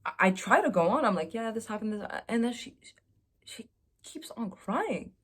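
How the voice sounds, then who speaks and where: A woman's voice: a little high, very animated, moderate pace, fairly bright tone, slightly rough. A young woman vlogger in a casual confessional chat, telling candid stories with a self-mocking, chatty humor.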